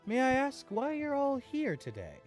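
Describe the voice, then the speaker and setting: A woman's voice: high voice, wildly swooping pitch, normal speed, a little mellow, faint music behind, voice pushed up. A woman voicing a friendly female halfling bard who speaks politely and formally. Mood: gracious. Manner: courteous, formal phrasing.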